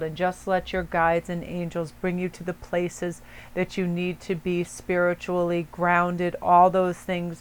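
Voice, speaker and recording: A woman's voice: on the low side, a little hiss or hum. A woman hosting a pick-a-card spiritual reading, talking in a chatty, rambling way with a soothing tone and frequent self-corrections. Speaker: tarot card reader.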